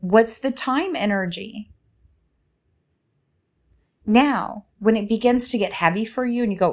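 A woman speaking as a spiritual coach in a slow, soothing, inviting way, asking many reflective questions. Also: fairly high pitch, expressive. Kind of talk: reflective guided talk.

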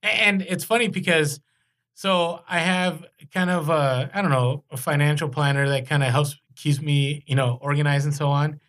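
Male podcast co-host, fairly high voice, upbeat and animated, casual banter. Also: moderate pace. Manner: animated, rising in pitch when excited. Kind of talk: casual chat.

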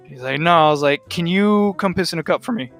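A man's voice: on the high side, brisk, fairly bright tone, soft background music. Profane young man telling stories. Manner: profane, rambling, laughs while telling stories. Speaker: podcast co-host. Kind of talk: casual storytelling chat.

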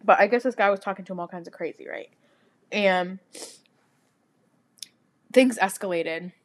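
A young woman co-hosting a podcast, telling a story in a crude, animated, casual way. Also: medium pitch, normal speed. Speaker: podcast co-host. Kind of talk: casual chat.

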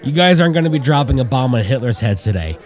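A man's voice: mid-range voice, expressive, quick pace, darkish tone, pitched above the performer's own voice, lightly acted. A man voicing a sarcastic, bitter male bomber officer. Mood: dismissive. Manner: sarcastic, sardonic.

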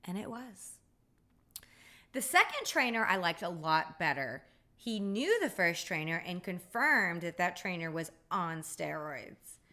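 A woman's voice: lowish voice, very animated, a little slow, pushed and bright. A woman hosting a podcast, telling wry, profane stories in a blunt, casual monologue. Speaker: podcast host.

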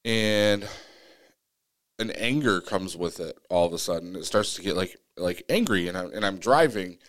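A man on a podcast telling a personal story in casual, earnest talk, acting out his own side of the exchange. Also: normal speed. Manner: animated retelling, acting out his own pleas in a higher voice; earnest, many restarts and fillers. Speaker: podcast co-host.

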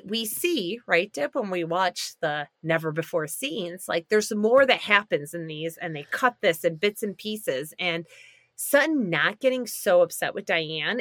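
Bright, lively chatty woman. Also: lowish voice, dry recording, studio quality. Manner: chatty, lots of fillers and restarts. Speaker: podcast co-host. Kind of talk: casual chat recapping a reality show.

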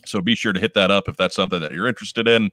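A man's voice: fairly low pitch, rapid-fire, bright, forceful tone, no room sound. A man hosting a casual chat show, running through news items in a laid-back, wry way. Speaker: podcast host.

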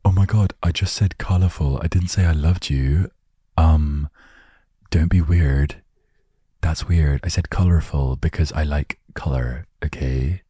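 A man's voice: a bass voice, warm tone, slightly rough, no room sound, clean studio sound, full character voice. A man voicing a flustered young man with an odd, unplaceable accent who protests that he only said a harmless word. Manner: embarrassed, protesting, rushed.

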